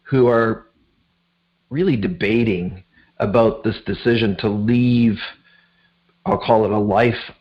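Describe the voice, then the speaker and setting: A man hosting an interview show, asking halting, searching questions. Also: fairly low pitch, steady tone, dull audio. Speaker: host.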